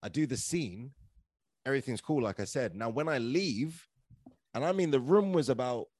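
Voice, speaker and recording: Moderately paced and medium in pitch, with no echo, this London actor-comedian guests on a podcast telling stories. His manner is chatty and animated, thick with "like" and "right?".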